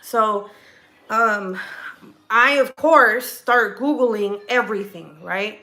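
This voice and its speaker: Her voice is medium-pitched, bright, and forceful, and she speaks slowly. This California livestream host chats at home in her kitchen, sharing a personal story loaded with fillers, false starts, and swearing.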